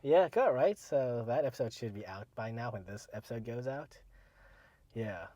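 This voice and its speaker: A man co-hosting a casual podcast, rambling with many fillers and letting his sentences trail off quietly. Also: mid-range voice, animated, normal speed, no room sound. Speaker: podcast co-host.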